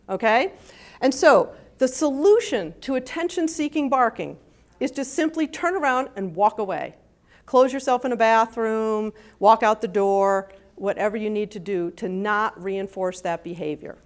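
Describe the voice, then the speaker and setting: Lively woman giving a conference talk. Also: normal speed. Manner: lively, acts out dogs' and owners' voices with big pitch jumps. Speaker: animal behavior consultant. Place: conference hall.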